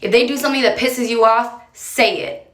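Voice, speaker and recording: A woman's voice: fairly high pitch, normal speed, fairly bright tone. A woman giving casual, direct advice to camera in a chatty way, coaxing the listener along. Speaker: advice creator. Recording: roomy echo.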